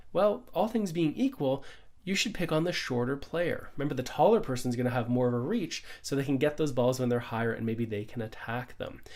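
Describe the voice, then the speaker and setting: A man's voice: mid-range voice, a little mellow. A middle-aged man, a pickleball coach, giving an upbeat conversational lesson full of rhetorical questions. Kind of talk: instructional explainer.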